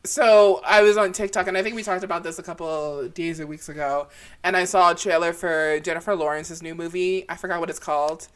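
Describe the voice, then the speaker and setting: Young woman, lowish voice, sassy playful podcast banter. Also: steady tone, a little fast. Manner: sassy, playful, lots of short backchannels, swears. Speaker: podcast co-host. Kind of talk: casual chat.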